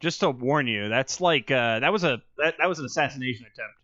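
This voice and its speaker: A young man co-hosting a casual podcast, with dry, deadpan humor. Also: mid-range voice, brisk, dry recording, lo-fi sound. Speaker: podcast co-host. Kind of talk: casual chat.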